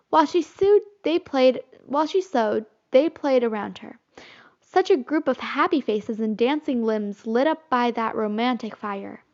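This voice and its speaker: A woman narrating a children's classic as an audiobook, in expressive storytelling. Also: fairly high pitch, unhurried. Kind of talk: audiobook reading. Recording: slightly muffled recording.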